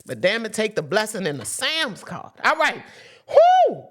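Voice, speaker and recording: A woman's voice: medium pitch, very animated, normal speed, bright, forceful tone. A woman hosting a casual spiritual talk for her viewers, chatty and emphatic, with profanity and sudden whoops. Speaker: host.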